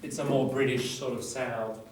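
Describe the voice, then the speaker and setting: A man's voice: medium pitch, steady tone, normal speed, darkish tone, a little hiss or hum. A man with an Australian accent teaching a class, chatty and digressive, explaining with everyday examples. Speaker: English teacher. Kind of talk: classroom lecture. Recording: echoey classroom, far mic.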